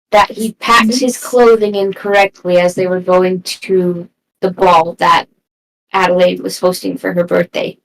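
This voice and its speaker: A woman playing a tabletop game tells a story in character at a measured pace, with slightly formal wording. Her voice has a middling pitch for a woman. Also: poor audio. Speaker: player.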